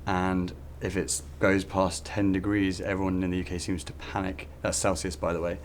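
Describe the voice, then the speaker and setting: A British man from a band speaking slowly and deadpan about hot weather on tour. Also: sits low, a little hiss or hum. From United Kingdom. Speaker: band member. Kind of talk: casual anecdote.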